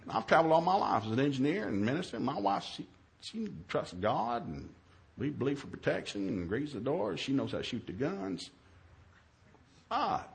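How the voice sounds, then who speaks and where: A man who is a minister, telling a humorous story in a sermon, acting out his own yelled lines in a raised voice. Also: moderate pace, creaky. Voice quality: animated, shifts to high yelling quotes.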